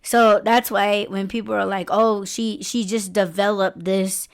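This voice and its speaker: A woman's voice: medium pitch, steady tone, a little slow, clean tone. A woman around forty co-hosting a podcast in casual chat, rambling, laughing often and restarting her sentences. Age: about 40. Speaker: podcast co-host.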